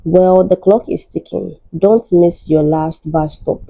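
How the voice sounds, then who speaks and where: A woman's voice: on the low side, fairly even intonation, slow pace, creaky, warm tone, no room sound, full character voice, low-quality recording. A woman reading out the lines of a playful radio show host who teases a caller. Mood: teasing. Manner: playful, teasing.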